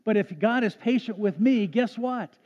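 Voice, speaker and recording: A man's voice: sits high, expressive, normal speed. A man preaching a sermon as a pastor in a church, earnest, often restarting his phrases. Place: church sanctuary. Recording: dull, echoey sanctuary sound.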